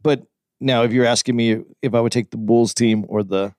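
Stammering, measured podcast co-host. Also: male voice, medium pitch, no room sound, clean studio sound. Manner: stammers and repeats words, calm and measured. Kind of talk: casual chat.

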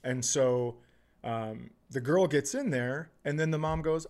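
A man's voice: fairly high pitch, moderate pace, darkish tone. A man hosting a podcast, chatting casually and telling a profane story while acting out quotes. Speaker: podcast host.

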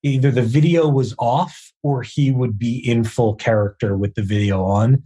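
A man, a show co-creator, telling behind-the-scenes stories in an earnest, measured way. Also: mid-range voice, warm tone, slightly rough. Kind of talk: casual interview chat.

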